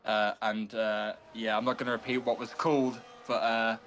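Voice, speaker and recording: Viewer chat gets read out by this steady, conversational co-commentator, a man calling an online sim race and chatting about the driving. His voice is lowish and his pace moderate. There's slight background noise.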